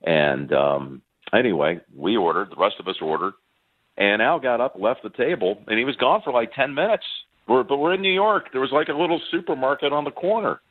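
A man guest on a sports interview, telling warm anecdotes with plenty of fillers and restarts. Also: mid-range voice, expressive, brisk. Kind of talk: phone interview, reminiscing. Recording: tinny phone line.

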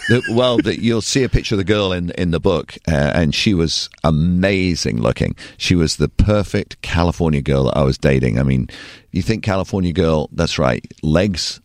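An older man with an English accent, a radio DJ telling lively stories as a podcast guest. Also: low voice, moderate pace, no room sound. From England. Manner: animated anecdotal storyteller. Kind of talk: podcast interview storytelling. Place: studio.

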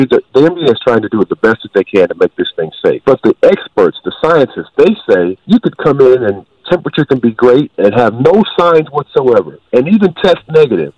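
Brief: male radio guest, fast, emphatic, lo-fi dry sound. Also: a little mellow, no echo. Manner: emphatic, rising up in pitch when making a point. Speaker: guest, former NBA player. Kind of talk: sports radio talk.

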